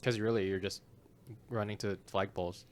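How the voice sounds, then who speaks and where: A man co-hosting a casual movie podcast, talking loosely, swearing now and then, and slipping into quick character impressions. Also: lowish voice, steady tone, smooth. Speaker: podcast co-host. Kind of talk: casual film review chat.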